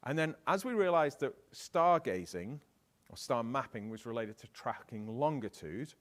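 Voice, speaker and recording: A middle-aged British man speaks at a conference keynote with an animated, swooping delivery. He keeps turning to the audience with questions, and his voice sits at an ordinary middle pitch. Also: normal speed. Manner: lively, asks the audience questions.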